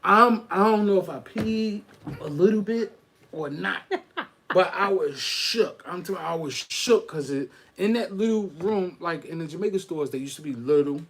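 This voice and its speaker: Animated man telling street stories. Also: sits high, moderate pace, vocal fry, a little hiss or hum. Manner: animated street-slang storytelling. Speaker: podcast host. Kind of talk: casual storytelling.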